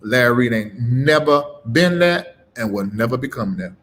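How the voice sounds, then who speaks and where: A middle-aged man preaching on a live stream, emphatic and informal, swinging between loud punches and low murmurs and repeating phrases with a rising cadence. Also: expressive, moderate pace. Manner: informal, dropped verb endings. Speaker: preacher and livestream host.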